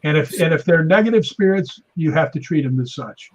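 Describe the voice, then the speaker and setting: With highs cut off and slight background noise, the recording captures a man talking briskly. He's a podcast guest, a stuntman and paranormal investigator, who narrates casually and animatedly, raising his pitch to act out quotes.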